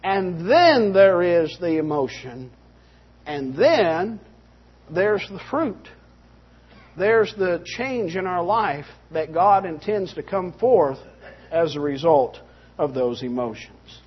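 A man's voice: high voice, animated, takes it slowly, slightly rough. A man preaching a sermon from Texas in an earnest way that rises to stern, emphatic points. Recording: dull muffled sound.

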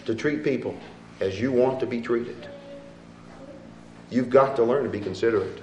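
A man's voice: moderate pace, pauses often, a little hiss or hum. Dynamic preacher man, echoey room. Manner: swings between loud emphatic rises and quiet low asides. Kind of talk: sermon. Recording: echoey room with faint ambience.

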